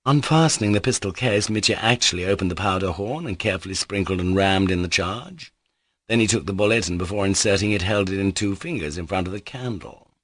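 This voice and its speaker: Low-voiced male audiobook narrator. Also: a little fast, a bit bright, no echo, clean studio sound. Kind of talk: scripted narration.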